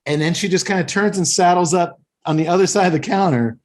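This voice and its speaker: A man's voice: sits high, fast. A man hosting a podcast, casually telling a story and acting out the people in it. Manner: animated, acts out voices. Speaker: podcast host.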